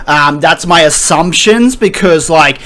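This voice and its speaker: A man's voice: fairly high pitch, unhurried, a bit bright. A man casually reviewing a comic chapter with rambling, hesitant talk and frequent laughter. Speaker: anime and manga reviewer. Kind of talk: casual commentary.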